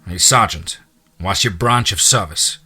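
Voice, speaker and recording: A man's voice: low-pitched, measured pace, pushed and bright, husky, full character voice. A man reading the lines of an insistent small-town police chief who is pleading to help.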